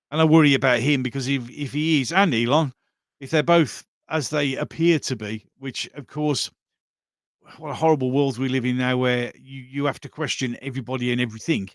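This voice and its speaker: A man's voice: mid-range voice, fairly even intonation, moderate pace, no echo, studio quality. A man hosting a casual live stream, reading out viewer comments and rambling with many fillers and restarts.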